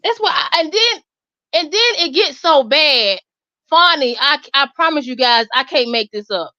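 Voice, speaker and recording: A woman, hosting and telling a story in an animated, emphatic way. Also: high voice, normal speed, dry recording. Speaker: host. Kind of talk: casual storytelling chat. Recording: dull lo-fi sound.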